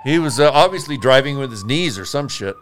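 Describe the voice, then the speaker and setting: A man's voice: mid-range voice, expressive, a little fast, a bit bright, a little hiss or hum. A man hosting a podcast, reading odd news stories aloud with crude jokes and frequent laughter. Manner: profane, laughs often, reads stories aloud. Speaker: podcast host. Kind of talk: crude comedic banter.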